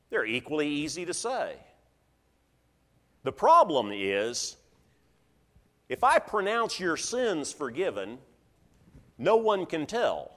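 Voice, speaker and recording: Male preacher, very expressive storyteller, echoing church hall sound. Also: a little high. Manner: animated storytelling, acting out voices of listeners. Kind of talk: sermon.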